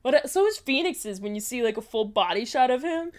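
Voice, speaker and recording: A young woman streamer giving casual, chatty gameplay commentary, giggly and animated. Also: high-pitched, brisk. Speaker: let's-play streamer.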